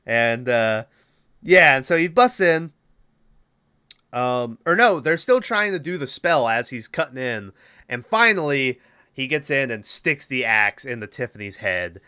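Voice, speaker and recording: Male podcast host, smooth clear voice, dry close sound, rambling profane recap. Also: medium pitch, unhurried, dry recording. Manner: animated, swears freely, rambling with fillers. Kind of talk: casual movie recap.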